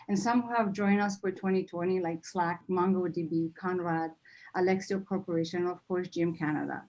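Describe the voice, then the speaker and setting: A woman's voice: medium pitch, darkish tone, low-quality recording. A woman leading a nonprofit, giving an earnest, heartfelt annual meeting speech and fighting back tears. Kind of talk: emotional speech to members.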